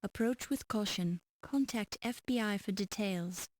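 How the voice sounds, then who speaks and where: A woman's voice: medium pitch, a little slow, darkish tone, lightly acted. A woman reading scripted narration and notices for a 1990s adventure game. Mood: calm.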